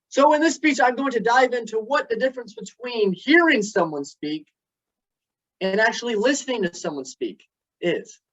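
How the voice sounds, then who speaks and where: A man's voice: high-pitched, fairly bright tone. Man giving a storytelling speech. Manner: storytelling, dramatic pauses. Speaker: club speaker. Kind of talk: prepared speech. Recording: dull lo-fi recording.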